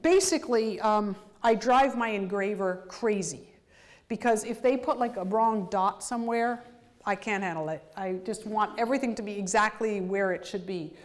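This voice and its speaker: A woman composer giving a university lecture, explaining musical detail in an animated way and singing rhythms out in nonsense syllables. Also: mid-range voice, normal speed.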